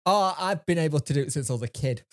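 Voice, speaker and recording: Young male co-host, lively animated pitch, chatty storyteller. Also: fast talker. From England. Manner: lively storyteller, acts out quotes. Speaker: podcast co-host. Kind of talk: casual chat.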